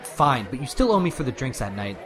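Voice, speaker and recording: A man's voice: medium pitch, very animated, a little fast, soft background music, some chatter behind. Easygoing man co-host. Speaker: podcast co-host. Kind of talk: improvised comedy sketch.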